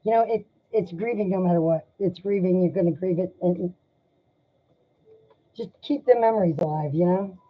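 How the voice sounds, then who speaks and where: Husky woman giving an emotional tarot reading. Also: on the low side. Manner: emotional, sympathetic, halting. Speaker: tarot reader. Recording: dull lo-fi sound.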